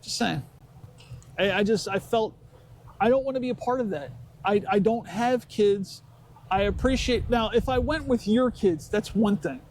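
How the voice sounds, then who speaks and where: A man's voice: high voice, moderate pace, a little mellow, slight background noise. A man co-hosting a casual chat podcast, ranting sarcastically about everyday annoyances. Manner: sarcastic complaining rant with put-on mocking voices. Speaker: podcast co-host.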